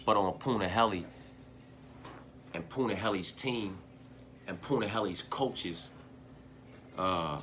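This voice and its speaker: A man giving a profane fight preview, swinging from shouted hype to low, muttered repetition. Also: slow pace, long pauses, a little hiss or hum. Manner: heavy profanity, repeats phrases. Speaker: MMA fight analyst.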